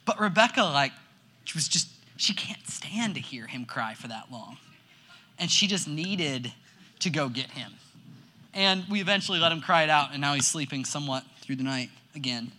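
A young man gives a relaxed sermon to teenagers, telling stories with constant "like"s and animated swings in delivery. His voice sits a little high for a man and sounds bright and forceful. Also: moderate pace. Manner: animated storytelling, heavy use of "like". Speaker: youth pastor. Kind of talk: casual sermon to a youth group.

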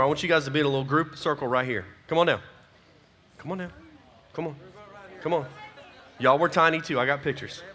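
A man, a youth pastor giving a folksy, energetic closing talk to his youth group. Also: mid-range voice, fast talker, pauses often.

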